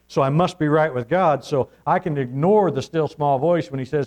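A man's voice: on the high side, moderate pace, a little mellow, low-quality recording. A man preaching a sermon, telling folksy stories and calling out for amens. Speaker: pastor.

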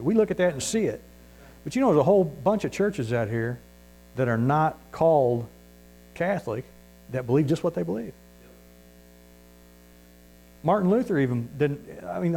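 A man's voice: fairly high pitch, a little mellow, poor audio. A man preaching a sermon in a folksy, emphatic way, his voice rising to stress a point. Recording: mains hum.

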